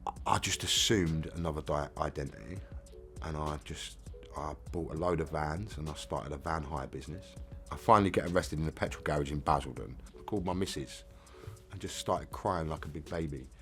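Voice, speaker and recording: A man's voice: very deep voice, a little fast, fairly bright tone, faint music behind. A middle-aged man with an English accent, frankly and casually telling his own life story. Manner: plain-spoken, casual, frank. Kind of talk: candid first-person storytelling.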